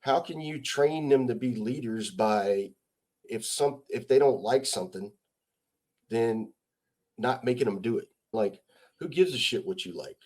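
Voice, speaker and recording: Here a retired army sergeant major, a middle-aged man from the U.S., speaks in a casual interview with heavy profanity and bluntness, pushing his views through rhetorical questions. His mid-range voice is unhurried and a little mellow.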